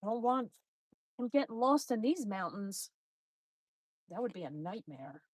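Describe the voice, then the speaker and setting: A woman's voice: medium pitch, sing-song, unhurried, husky, no room sound, clean studio sound. A woman hosting a live stream on a morning walk outdoors, chatting with viewers, reading their comments aloud and baby-talking to her dog. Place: outdoors at a mountain park.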